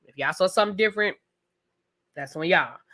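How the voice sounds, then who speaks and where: A woman hosting a live TV review show, talking loudly and emphatically straight to her viewers in a casual rant. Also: lowish voice, brisk. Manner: loud, emphatic, talks straight to the audience.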